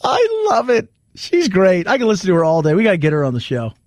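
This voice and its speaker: Animated talk radio host, dry sound. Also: male voice, high voice, fast, no echo. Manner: animated, riffing, repeating himself for emphasis. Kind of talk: casual talk radio commentary.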